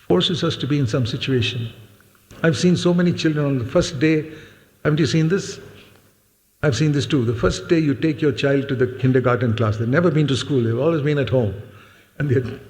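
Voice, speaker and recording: An older man delivers an earnest sermon with a gravelly, creaky voice. He leans hard on key words and repeats them, and at times turns to speak straight to the children. His words ring with a long reverb through a church hall. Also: medium pitch, a little mellow. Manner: speaks directly to children in the congregation. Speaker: preacher.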